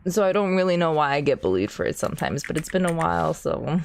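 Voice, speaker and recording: A woman's voice: sits low, lively intonation, fast, vocal fry, a little hiss or hum. A young woman streamer in casual chat while gaming, rambling and self-deprecating, full of fillers.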